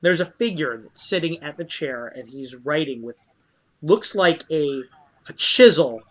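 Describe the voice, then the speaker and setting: A man narrating as dungeon master in a tabletop role-play game, loose and halting with many fillers. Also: a little high, lively intonation, a bit bright.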